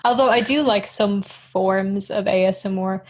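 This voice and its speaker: A woman's voice: medium pitch, a little slow, a little mellow. Giggly, rambling woman for a casual chat podcast, middle voice. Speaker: podcast co-host.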